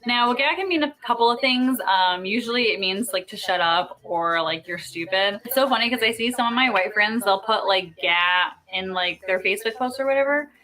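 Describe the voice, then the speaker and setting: A young woman from North Dakota talks to her camera in a relaxed explainer vlog, full of sass and quick giggles. Her voice is bright and a little sharp, sitting in an ordinary middle register. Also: medium pitch. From North Dakota, USA. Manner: playful, sassy, giggles often. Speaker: YouTuber explaining slang.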